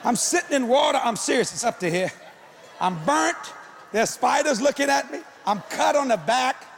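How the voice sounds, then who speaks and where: A man who preaches, telling a comic story in an animated way and often breaking into shouts. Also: very high voice, normal speed, vocal fry, slight background noise.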